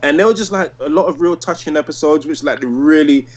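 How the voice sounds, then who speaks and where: A man's voice: on the high side, a little fast, darkish tone, lo-fi sound. Rambling enthusiastic man in his thirties. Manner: enthusiastic, rambling, many restarts and likes. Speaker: podcast host. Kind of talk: casual podcast review chat.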